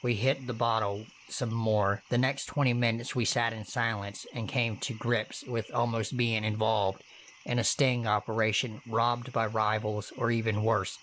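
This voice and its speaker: A man narrating true horror stories in first person, with steady, earnest delivery and casual swearing. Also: fairly low pitch, a little slow, slight background noise.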